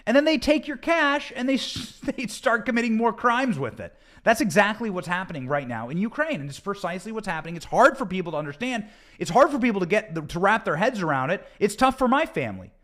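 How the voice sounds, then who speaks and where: Male host from the US, fairly high voice that swings widely, delivering a sarcastic, emphatic political monologue. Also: animated, quick pace, fairly bright tone. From United States. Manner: emphatic, sarcastic, repeats points for effect.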